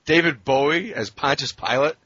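A man hosting a podcast in casual chat, easygoing and quick to laugh. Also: a little high, bright, forceful tone, slightly rough, dry recording, highs cut off. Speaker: podcast host.

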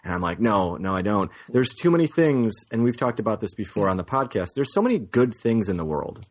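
A man's voice: on the low side, very animated, a little fast. A young man co-hosting a podcast who rambles, corrects himself and laughs often. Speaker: podcast co-host. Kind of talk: casual podcast chat.

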